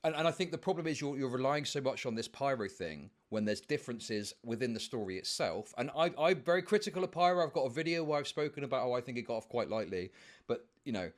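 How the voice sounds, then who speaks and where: A man in a played debate clip, making his case in a measured, hesitant way with restarts. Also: medium pitch, animated. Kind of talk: debate discussion.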